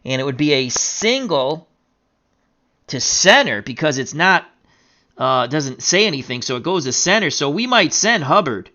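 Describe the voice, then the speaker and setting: A man calling a tabletop baseball dice game as a jokey, excitable play-by-play announcer. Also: on the high side, highs cut off.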